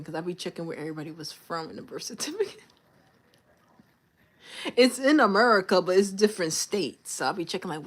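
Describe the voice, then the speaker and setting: A young woman chatting casually on a livestream, telling a story and acting out her coworkers and her manager. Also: mid-range voice. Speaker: livestream host. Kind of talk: casual livestream chat with viewers.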